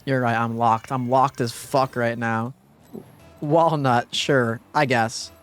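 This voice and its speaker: A young man streams a game live, chatting casually with his chat and a teammate, swinging between muttered calm and frustrated outbursts. His voice is mid-range and slow, with faint music in the background.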